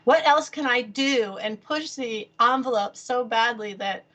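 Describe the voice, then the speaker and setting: A woman's voice: fairly high pitch, measured pace, sharp tone. A woman artist being interviewed on a podcast, talking casually with many fillers and easy laughter. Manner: rambling, lots of fillers and restarts, laughs easily. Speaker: guest artist.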